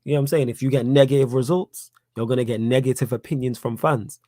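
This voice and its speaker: A young Manchester man, a fan channel host with a Manchester accent, fields questions on a live fan stream. He talks fast in a mellow, mid-range voice with a steady tone and no room sound, staying blunt and repetitive while getting heated over his points.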